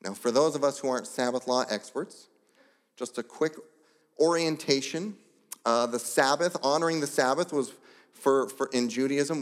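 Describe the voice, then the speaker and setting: A pastor delivering a sermon, telling the story with lively asides and brief voiced characters. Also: male voice, medium pitch. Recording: long hall reverb.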